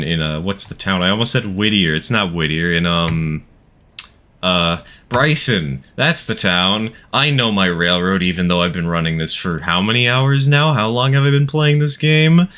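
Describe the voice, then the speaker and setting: A man's voice: low-pitched, sharp tone. A man streaming a game live, chatting casually with his viewers and laughing often. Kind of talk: casual live-stream chat while playing.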